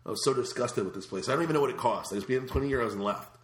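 Fast-talking man, echoey room. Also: medium pitch. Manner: animated, raises voice when quoting himself. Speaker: show host answering viewer questions. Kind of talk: casual storytelling chat.

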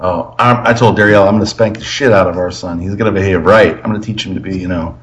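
A man hosts a casual podcast conversation, asking questions and telling stories. He is animated and swears freely. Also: sits low, fast talker. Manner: animated storyteller, acts out voices, swears freely. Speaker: podcast host.

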